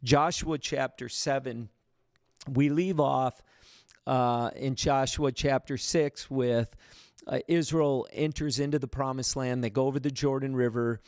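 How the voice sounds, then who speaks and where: A male pastor talks through scripture in a relaxed, conversational way, full of fillers and restarts. His voice sits in a middle register and climbs for emphasis. The sound is dry and close, with no room around it. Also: medium pitch, a little slow, dry recording. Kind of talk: livestreamed Bible study teaching.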